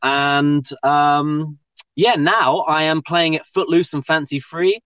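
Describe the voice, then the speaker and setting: A man's voice: on the high side, takes it slowly, no room sound. Joking southern English man, late twenties. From southern England. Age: 20s. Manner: cheeky, joking, deadpan asides. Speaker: guest. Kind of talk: casual podcast chat.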